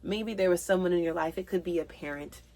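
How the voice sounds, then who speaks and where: A woman with a somewhat low voice gives a spiritual tarot reading straight to her viewers. She speaks earnestly and with open emotion, slowing down to read each card's meaning aloud. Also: dark tone. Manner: reads card meanings aloud slowly. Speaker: tarot reader.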